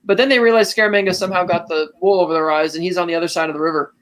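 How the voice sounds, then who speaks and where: A woman co-host walks through a film's plot in relaxed, casual chat. She tells it in an animated way, with quick acted-out quotes along the way. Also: fairly low pitch. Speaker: podcast co-host. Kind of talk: casual film recap.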